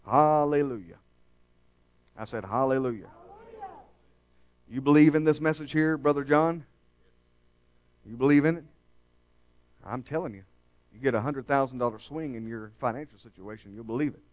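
A male pastor preaching a sermon to his congregation, swinging between hushed, confiding lines and loud, emphatic calls. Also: mid-range voice, a little fast, pauses often. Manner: dramatic, swings from hushed to shouting.

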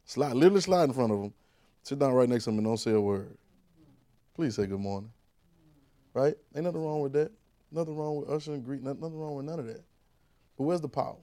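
A man preaching a conversational sermon, repeating phrases and rising to shouted calls. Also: mid-range voice, lively intonation, quick pace, long pauses.

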